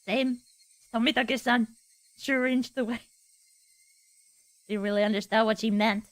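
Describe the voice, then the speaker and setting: A woman's voice: on the high side, steady tone, measured pace. A woman streamer reading a visual novel's text aloud, playful and giggly between lines. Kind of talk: reading game text aloud with live reactions.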